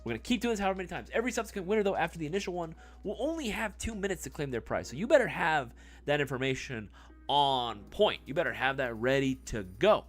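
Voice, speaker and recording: A man's voice: a little high, very animated, fast. A man hosting a casual livestream giveaway, joking and swearing, talking back to the live chat. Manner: swears loosely; mock ASMR murmur. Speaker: livestream host.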